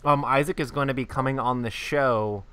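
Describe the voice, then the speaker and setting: A man's voice: medium pitch, fairly even intonation, sharp tone, dry recording. A man hosting a casual podcast, teasing and joking with his co-hosts. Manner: joking, quick to laugh. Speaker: podcast host.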